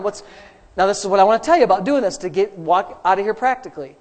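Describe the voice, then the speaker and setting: A man preaching a sermon, telling stories quietly and then building to loud, fervent preaching. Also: high voice, lively intonation, fast talker. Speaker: pastor.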